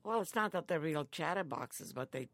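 An older woman living in a care home, chatting slowly and telling stories with frequent laughs. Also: sits low, expressive, no echo. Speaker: interviewee, grandmother. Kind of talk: casual chat.

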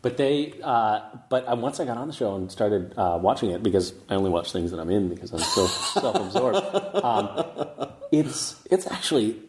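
A man with a fairly low voice talks easily in a casual interview, poking fun at himself as he goes. He fills gaps with ums and uhs and often restarts a thought mid-sentence. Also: moderate pace, a little hiss or hum. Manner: relaxed, self-mocking, many fillers and restarts. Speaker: actor guest. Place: castle in Scotland.

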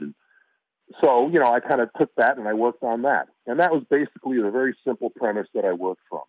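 A middle-aged man from Chicago, an actor guest telling stories in a relaxed, casual interview, often restarting his sentences. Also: mid-range voice, fast talker, dry recording. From Chicago, USA. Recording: dry, phone-like line.

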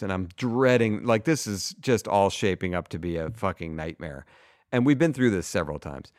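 A man's voice: low-pitched, expressive, normal speed, darkish tone, dry recording, studio quality. A middle-aged man co-hosting a podcast, chatting casually and telling a story with wry, profane humor. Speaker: podcast co-host. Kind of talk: casual chat.

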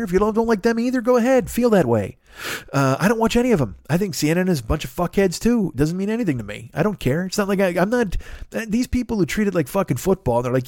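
A man's voice: a little high, sing-song, fast talker, a little mellow, dry recording. Man ranting and swearing, bone-dry close sound. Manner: heated, swearing constantly, exasperated. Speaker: podcast host. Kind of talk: profane comedic rant.

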